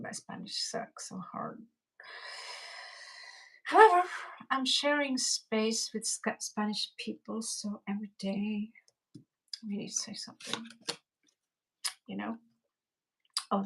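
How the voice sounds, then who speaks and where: A woman giving a chatty, rambling tarot reading on a live stream. She talks slowly, and her voice has a gravelly fry. Her pitch sits at an ordinary middle level. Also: a bit bright, poor audio. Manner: rambling, chatty, greets viewers and mixes in Spanish. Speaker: tarot reader.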